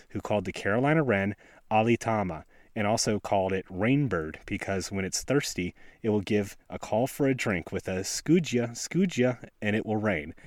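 A man's voice: fairly low pitch, no room sound, clean studio sound. A man with a West Virginian accent hosting a laid-back podcast, talking casually while out in a snowy forest. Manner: laid-back, self-deprecating. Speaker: podcast host. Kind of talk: casual outdoor podcast talk. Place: snowy forest outdoors by a stream.

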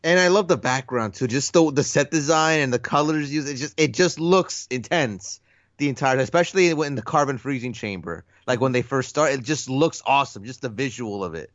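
A laid-back man co-hosts a film podcast, talking in a slangy way with frequent laughs. His mid-pitched voice comes through a dry, slightly muffled, lo-fi recording. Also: a little fast, no room sound. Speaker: podcast co-host. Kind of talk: casual film chat. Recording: dry, dull lo-fi sound.

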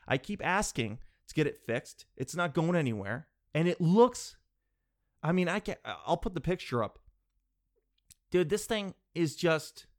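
A man with a cold, sniffling as he rambles through an animated, digressive comic monologue from his home office. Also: a little high. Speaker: vlogger.

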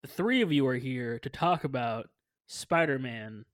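A man's voice: medium pitch, expressive, unhurried, fairly bright tone, dry recording. A man hosting a casual movie podcast, upbeat and jokey as he introduces guests and reads the show plugs. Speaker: podcast host.

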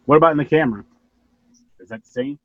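A man hosting a podcast, chatting casually and rambling with animated bursts and casual swearing. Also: a little high, fast, no echo, narrow, tinny audio. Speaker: podcast host.

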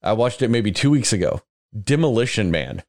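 Man, podcast co-host, low voice, swings up and down a lot, swears freely, casual. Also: moderate pace. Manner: profane, self-mocking, animated. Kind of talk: casual chat.

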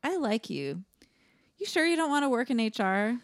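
A woman's voice: a little high, very animated, normal speed, no room sound, studio quality, pitched above the performer's own voice. A woman reading the part of a chatty, giggly HR interviewer in a comedy sketch read aloud. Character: chatty female HR interviewer, eager.

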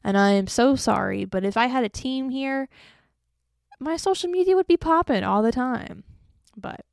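A woman's voice: a little high, lively intonation, normal speed, creaky, no room sound, clean studio sound. A young woman hosting her own podcast, chatting casually and joking at her own expense, tired from an early start. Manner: chatty and self-deprecating, joking asides. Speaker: podcast host. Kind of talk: casual solo podcast chat.

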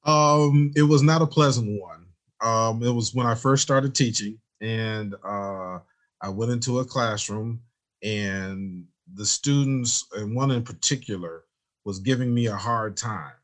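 A man who works as a teacher, telling stories in a relaxed interview and acting out the dialogue he quotes. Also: lowish voice, a little slow. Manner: animated storyteller, acts out quoted dialogue. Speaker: teacher, guest. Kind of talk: storytelling in a conversational interview.

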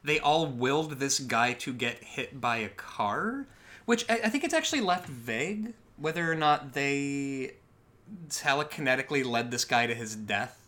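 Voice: medium pitch, expressive, moderate pace, pushed and bright. A podcast co-host recapping a movie in casual, wry chat, full of asides and fillers.

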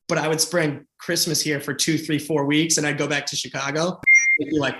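A man's voice: on the high side, fairly even intonation, a little fast, bright, forceful tone, roomy sound. A man from the Boston area who is running for office, talking earnestly and passionately in an interview, often restarting his sentences. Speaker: political candidate. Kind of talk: conversational interview.

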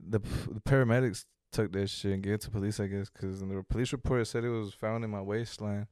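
A young man telling a story in casual chat, animated, swearing freely and acting out quotes loudly. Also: lowish voice, quick pace, clean tone, no echo, studio quality.

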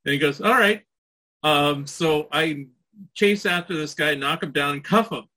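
A man's voice: a little high, normal speed, sharp tone, low-quality recording. A man telling a rambling anecdote in casual chat, full of "you know" and small laughs. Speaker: podcast guest.

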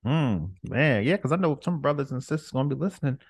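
A man hosting an interview, asking questions in a calm, measured way over a remote call. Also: mid-range voice, husky. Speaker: podcast host.

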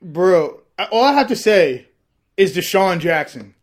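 Excitable guest dude, keeps saying bro, pretty high-pitched. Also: male voice, unhurried. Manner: excitable, laughs often, says bro a lot. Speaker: podcast guest. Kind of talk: casual chat.

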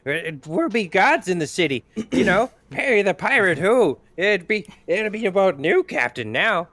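A giddy little goblin sailor, played by a man, tumbling over his own words in a high, bouncy voice that leaps all over the place. The sound is dry and close, with no room around it. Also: normal speed, dry recording, exaggerated voice. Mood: boastful. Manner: rambling, stumbling over words, excitable. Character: eager small male goblin sailor, humble and giddy.

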